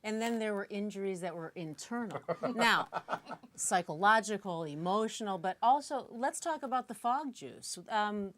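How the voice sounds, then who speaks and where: A woman's voice: medium pitch, normal speed, few pauses. A woman, an actress, recalling a film shoot in a casual, good-humoured way, laughing easily between stories. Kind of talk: casual anecdote telling.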